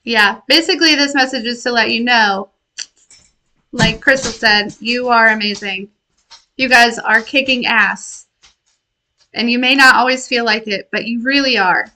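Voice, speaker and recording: This tarot reader and intuitive healer offers her viewers an easygoing spiritual message, speaking slowly in a bright, high voice. She wanders onto tangents, laughs a lot, and sounds warm, though the audio quality is poor.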